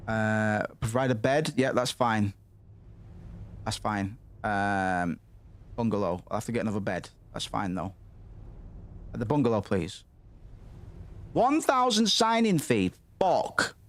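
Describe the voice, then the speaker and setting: A man's voice: on the low side, steady tone, measured pace, pauses often. A young man swearing and rambling through casual commentary while playing a game. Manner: sweary, rambling, muttering asides. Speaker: gaming streamer.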